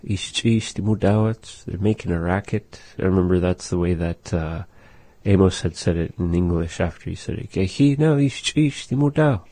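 A man teaching words of his language in a casual lesson, saying them slowly and repeating them. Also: low voice, flat delivery, warm tone, dry recording.

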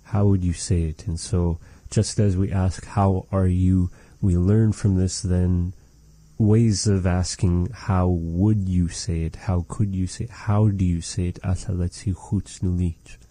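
A man with a low, dark voice gives a language lesson at an unhurried pace. He speaks in a measured way and repeats each phrase so it can be copied. The sound is dry and close. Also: flat delivery, no room sound. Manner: measured, repeats phrases slowly to model them. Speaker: language teacher.

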